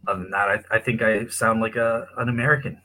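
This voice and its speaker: A man from Newfoundland with a Canadian accent, chatting casually as a podcast guest, relaxed and full of likes. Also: on the low side, quick pace, rough recording.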